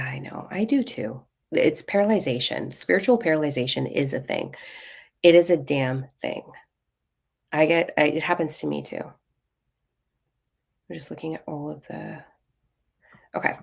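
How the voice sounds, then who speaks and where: A woman with a deep voice and vocal fry speaks at a normal speed while hosting a spiritual live stream. She gives casual card readings in a blunt, playful, self-mocking way and swears freely.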